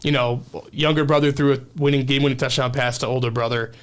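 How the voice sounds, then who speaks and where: A man's voice: medium pitch, steady tone, fast talker. A man co-hosting a local sports show, talking enthusiastically in a rambling way, full of fillers and restarts. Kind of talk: casual sports talk.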